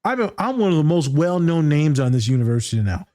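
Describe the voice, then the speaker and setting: A man who hosts a podcast and works as a therapist, ranting in animated, profane casual chat. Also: a little high, fast, dry recording, clean studio sound.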